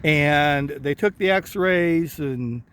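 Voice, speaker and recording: A man vlogging casually, talking slowly and rambling with a slight lisp, from inside a vehicle. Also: fairly high pitch, a bit bright, clear, resonant tone. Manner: slow, rambling, many uh fillers. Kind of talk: casual vlog talk.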